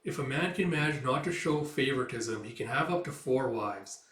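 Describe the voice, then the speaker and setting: A man's voice: medium pitch, expressive, moderate pace, fairly bright tone. A man casually retelling a comic, reading out the dialogue and leading each quoted line with "it's like.". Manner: chatty, leans on "it's like" to introduce quoted lines. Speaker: manga reviewer. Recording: roomy echo, voice heard from a distance.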